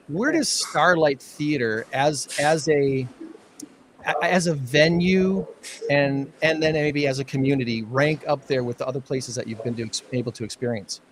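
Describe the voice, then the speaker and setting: A man with a mid-pitched voice hosts a relaxed podcast interview. He rambles, trips over his words and repeats himself, with a light hiss of noise behind him. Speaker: podcast host.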